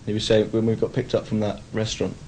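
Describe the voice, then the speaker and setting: A young man in his twenties with a low, mellow and soft-edged voice, talking about his band in a relaxed, candid way. His answers are wry and easygoing, with a faint hiss under the recording. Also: fast, poor audio. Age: 20s. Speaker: band member. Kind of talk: casual interview chat.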